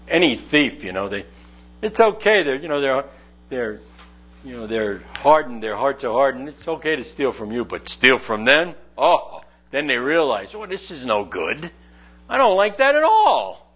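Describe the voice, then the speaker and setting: A man's voice: mid-range voice, animated, normal speed, a bit bright, husky. An older man preaching a sermon in a folksy, conversational way, acting out quoted voices.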